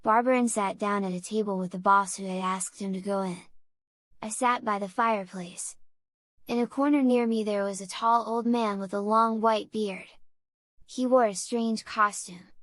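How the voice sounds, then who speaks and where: A woman reads a classic children's story aloud in a steady, measured voice at a mid pitch. The recording is close and dry, with no room echo. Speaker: audiobook reader. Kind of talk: storybook narration.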